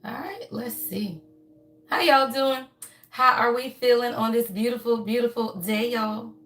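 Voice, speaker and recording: A woman's voice: on the high side, measured pace, fairly bright tone. A woman hosting a casual livestream astrology reading, chatty and folksy, who keeps calling her viewers y'all. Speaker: astrology and tarot reading host.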